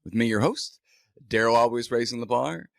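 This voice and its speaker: A man's voice: medium pitch, moderate pace, creaky, no echo. A man hosting a casual tech podcast, talking through a sore throat. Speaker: podcast host.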